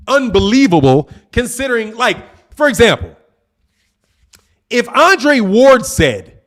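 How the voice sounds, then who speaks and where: A high-pitched man rants on a live boxing stream. His pitch swings widely as he mocks and argues with viewers, reading out their super chats between jabs. The delivery is loose, combative and confrontational. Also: a bit bright. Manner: combative, mocking, trash-talking. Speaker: boxing channel host.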